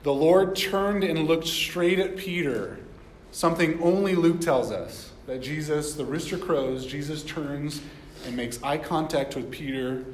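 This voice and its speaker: Pastor guy reading scripture and chatting thru it, fairly high voice, echoey room, faint hum behind. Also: unhurried. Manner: conversational, asks the listeners questions. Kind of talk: sermon reading and explaining scripture.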